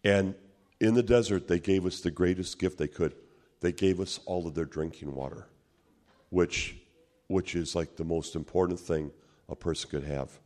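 A man preaching, telling a personal testimony as an animated storyteller who acts out the people he quotes. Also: low voice, moderate pace. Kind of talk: sermon storytelling.

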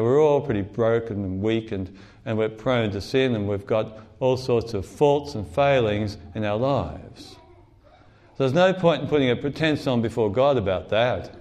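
A man's voice: medium pitch, a little mellow. A man preaching a sermon in a church sanctuary, speaking earnestly and acting out the cries of gospel figures.

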